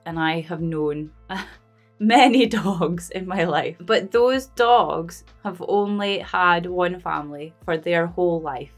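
A Scottish woman chatting casually and emotionally as a movie reaction vlogger, rambling and laughing often. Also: fairly low pitch.

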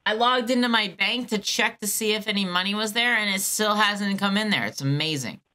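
A woman's voice: mid-range voice, fairly quick, bright, forceful tone. A woman baiting a phone scammer, sarcastic and teasing while she plays dumb. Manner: sarcastic, teasing, mock-naive. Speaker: scam baiter. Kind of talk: prank call with a scammer.

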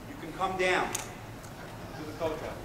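A man playing an Israeli paratrooper telling a moving battle memory in a dramatic first-person monologue, earnest and swinging between loud urgency and hushed emotion. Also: on the high side, slow pace, very noisy. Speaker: stage performer. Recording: echoey hall from far off.

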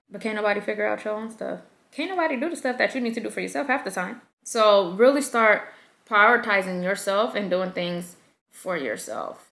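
Woman, thirties, mom vlogger, lively conversational delivery, bright tone, roomy echo. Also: medium pitch. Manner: lively and conversational, acts out quoted voices. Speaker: mom vlogger giving self-care advice. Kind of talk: casual advice vlog. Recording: echoey room.

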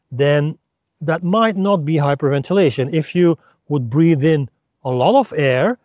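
Male instructor, clear patient explainer, fairly high voice, dry close recording. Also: a little mellow, no room sound. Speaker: freediving instructor and coach. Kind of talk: explanatory video lesson.

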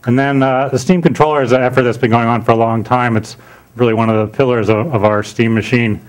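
Man giving a conference talk. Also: medium pitch. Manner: relaxed, with frequent "uh" fillers and restarts. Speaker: conference speaker. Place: conference room.

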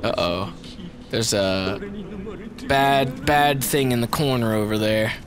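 A man giving profane, excitable let's play commentary, swinging from mutters to shouts and talking to the enemies on screen. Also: medium pitch, takes it slowly, a crowd in the background. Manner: talks to the game and its enemies. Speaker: gamer.

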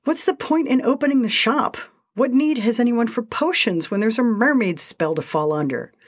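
A woman's voice: a little high, lively intonation, moderate pace, no room sound, clean studio sound, pitched above the performer's own voice. A woman doing a sly little male sprite. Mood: sly teasing. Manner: teasing, playful taunts. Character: tiny mischievous male sprite, sly and teasing.

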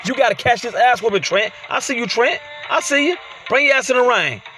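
A man calls out his game with a very high, piercing, bright voice, trash-talking his rival at full volume. He plays host to his own channel in loud let's-play commentary, and faint music runs underneath. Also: animated, fairly quick. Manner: loud trash-talking, frequent shouted exclamations.

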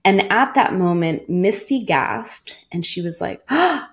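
A woman's voice: fairly low pitch, lively intonation, unhurried. A woman in her forties, a former cancer doctor, earnestly telling a personal story in an interview, with many "like" fillers.

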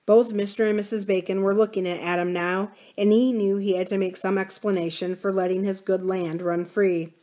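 A woman reads a novel aloud for a library's reading series. Her pitch sits in the middle range, and she raises her voice a little whenever a character speaks. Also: little pitch movement, moderate pace, few pauses, a little mellow. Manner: gives characters' lines a raised, livelier voice. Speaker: library reader.

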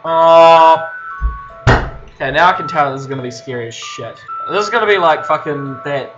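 A man's voice: a little high, moderate pace. A young man in casual commentary while playing a horror game late at night at home, laughing, swearing and yelping when startled. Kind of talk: casual let's-play commentary. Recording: dull lo-fi game recording with loud game music.

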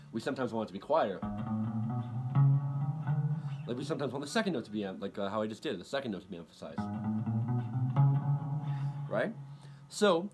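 Man teaching guitar over loud playing. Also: mid-range voice. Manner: relaxed, repeats himself, counts beats aloud. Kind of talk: casual instructional talk.

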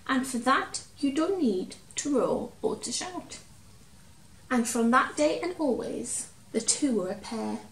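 A woman reading a picture book aloud to children, expressive, dramatic and gentle. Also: sits high, slow. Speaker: children's storyteller. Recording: roomy, distant from mic, faint ambience.

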